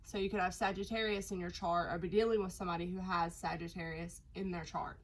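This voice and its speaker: A woman's voice: on the low side, fairly even intonation, fast talker, low-quality recording. A woman doing a casual tarot reading, her voice nasal from a cold, chatty and rambling with lots of fillers. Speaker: tarot reader.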